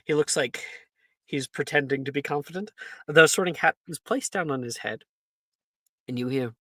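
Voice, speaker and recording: A game master narrating a tabletop role-playing game in a relaxed way, often laughing and clearing the throat. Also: mid-range voice, moderate pace, long pauses, no room sound.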